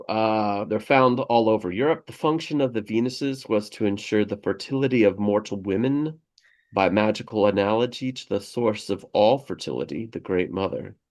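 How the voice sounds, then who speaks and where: A low-voiced man with a gravelly edge co-hosts a relaxed podcast. He reads passages aloud and keeps wandering off into chatty asides, laughing as he goes. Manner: rambling, digressive, laughs often. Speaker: podcast co-host. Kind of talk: casual chat reading from a history book.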